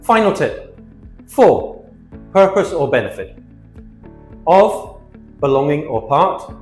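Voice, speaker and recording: A man teaching an English grammar lesson, with a clear and emphatic delivery. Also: a little high, very animated, takes it slowly, in a large hall, faint music behind. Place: hot location.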